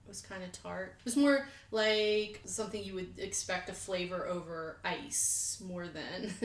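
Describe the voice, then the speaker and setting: A woman's voice: lowish voice, unhurried, echoey room. A woman co-hosting a podcast, chatting casually and acting out her own past lines as she tells stories. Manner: chatty storytelling, animated quoting of herself. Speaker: podcast co-host. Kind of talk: casual chat.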